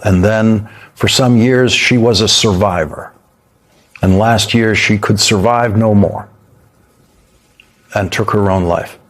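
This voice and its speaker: A man hosting a news commentary segment, reading a scripted piece in a somewhat low voice. He presses each point with deliberate, pointed repetition. The sound is clean studio speech.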